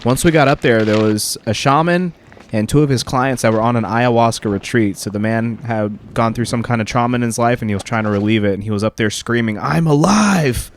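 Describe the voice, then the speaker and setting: Low-voiced man narrating his travels. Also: fairly even intonation, brisk, a little hiss or hum.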